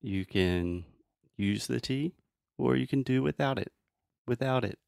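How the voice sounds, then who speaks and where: Male pronunciation teacher, easygoing, mid-pitched, dry close sound. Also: a little slow, creaky, clear, resonant tone, dry recording. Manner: demonstrates sounds, relaxed and friendly. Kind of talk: casual teaching chat.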